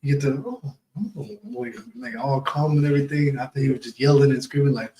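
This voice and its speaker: A man's voice: mid-range voice, fairly quick, warm tone. A man in a class, animatedly backing up the speaker. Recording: echoey room.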